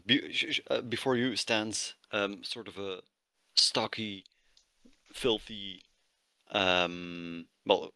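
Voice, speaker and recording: A man playing a tabletop game, describing his character in a hesitant, halting way. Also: sits low, pushed and bright, no echo. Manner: hesitant, many fillers and restarts. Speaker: player.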